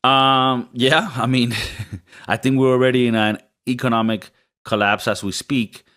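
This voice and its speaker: A man co-hosting a podcast, chatting casually with a rambling, joking manner. He restarts his sentences often, and his voice sits at an ordinary middle pitch. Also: fairly even intonation, measured pace, a bit bright, smooth. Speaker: podcast co-host.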